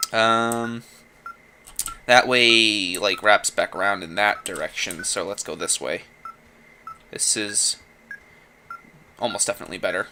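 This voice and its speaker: A man casually commenting while playing a game, thinking out loud with chatty asides. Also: on the low side, slight background noise. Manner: chatty, thinking aloud with fillers and laughs. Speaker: let's play host.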